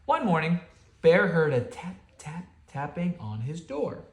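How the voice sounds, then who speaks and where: Lively dad reading a picture book. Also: male voice, a little high, measured pace. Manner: lively, chatty asides to children. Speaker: father reading aloud to his kids. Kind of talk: picture book read-aloud. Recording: roomy home room echo.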